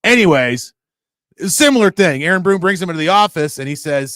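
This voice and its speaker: A man co-hosting a sports radio show, talking in a casual, animated and self-mocking way, often laughing. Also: a little high, quick pace, dry recording.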